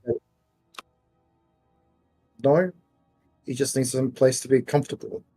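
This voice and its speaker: A man playing a tabletop game, gentle and affectionate as he describes his character's actions. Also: medium pitch, a little slow, husky, faint music behind. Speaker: player. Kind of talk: tabletop role-play.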